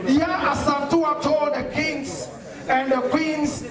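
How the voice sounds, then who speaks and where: A man from Ghana gives a fiery, rhetorical talk in a preaching tone to a hall audience, answering questions as he goes. His voice is very high-pitched and slow, with fairly even intonation, set against loud music and a noisy crowd. The recording comes from far off in an echoey hall.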